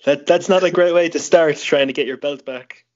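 A man's voice: fairly high pitch, normal speed. A man chatting casually, laid-back, swearing often and filling with "like". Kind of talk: casual chat. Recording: slightly dull lo-fi sound.

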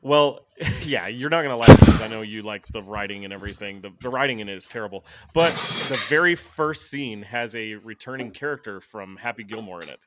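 A man's voice: fairly low pitch, fairly quick, hardly any pauses, background noise. A man co-hosting a podcast, rambling and laughing through casual movie chat and swearing freely. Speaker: podcast co-host. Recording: remote quarantine recording.

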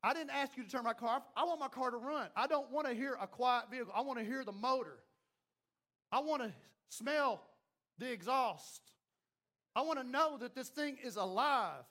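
A man preaching a sermon as pastor, acting out the voices of doubters and of God, swinging from loud to hushed. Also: extremely high pitch, expressive, normal speed.

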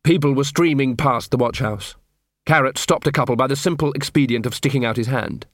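A man reading a novel aloud as an audiobook narrator, steady and measured. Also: mid-range voice, no room sound, clean studio sound. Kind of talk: scripted narration.

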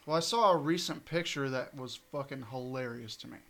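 A man's voice: mid-range voice, fairly quick, pushed and bright, slight background noise. A man hosting a podcast in a casual chat, who steers the topics and laughs often. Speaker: podcast host.

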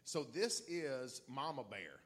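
A middle-aged man, a pastor telling a story to his church in an excitable way, laughing and swinging from quiet asides to loud shouts. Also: medium pitch, slow.

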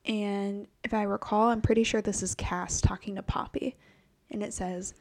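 A woman's voice: mid-range voice, fairly even intonation, normal speed, a little mellow. A woman co-hosting a book podcast, chatting casually and animatedly, swearing freely and acting out quotes. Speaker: podcast co-host.

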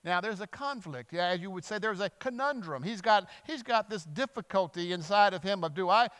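A man preaching a sermon as pastor, animated, acting out the voices of the people in the text. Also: sits high, a little fast, clean tone, in a large hall. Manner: animated, acts out quoted voices.

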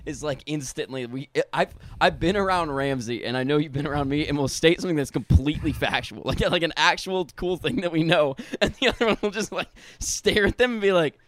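A man's voice: on the high side, brisk, few pauses, fairly bright tone. A young man co-hosting a podcast in casual chat, telling stories with lots of swearing and acting out his own angry outbursts. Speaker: podcast co-host.

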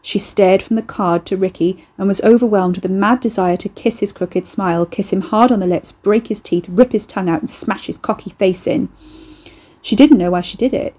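Woman, audiobook narrator, measured, mellow voice, middle pitch. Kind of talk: scripted narration.

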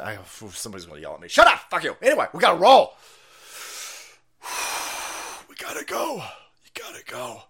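Man, middle-aged, livestream host, foul-mouthed rambling rant, bright sharp tone, gravelly edge. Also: medium pitch. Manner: loud, foul-mouthed, rambling, quick to laugh. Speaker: stream host. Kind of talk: profane ranting livestream monologue.

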